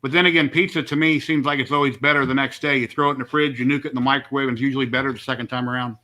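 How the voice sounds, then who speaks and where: A man's voice: mid-range voice, fairly even intonation, racing, bright, forceful tone. A middle-aged man chatting casually and rambling on a home live stream, easygoing and talkative. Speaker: livestream host.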